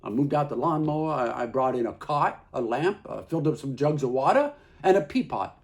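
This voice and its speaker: A man performing a theatrical monologue as a plain-spoken husband, folksy and halting, with many repeats. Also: on the high side, animated. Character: Carl, plain-spoken middle-aged husband.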